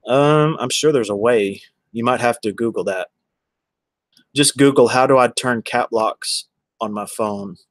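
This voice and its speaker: A man's voice: mid-range voice, unhurried, no room sound. A man, chatting casually on a livestream and answering viewers by name in a rambling way. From Texas.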